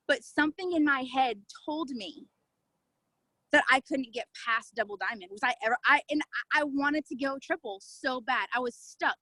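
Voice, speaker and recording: A woman's voice: high voice, fairly quick, bright, forceful tone, no echo, low-quality recording. A woman telling her own story in an emphatic, fervent way on a video call. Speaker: network marketing distributor. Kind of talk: testimonial talk on a video call.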